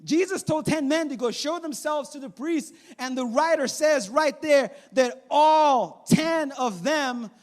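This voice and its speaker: A man of around forty preaching a sermon in a church, animated and acting out the voices of people in the story. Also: very high voice, unhurried, hardly any pauses. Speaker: pastor. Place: church sanctuary.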